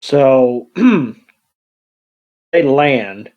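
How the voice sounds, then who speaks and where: A man's voice: mid-range voice, drawn-out words, narrow, tinny audio. Hesitant man co-hosting a movie podcast. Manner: hesitant retelling, loses track of names. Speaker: podcast co-host. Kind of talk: casual movie recap chat.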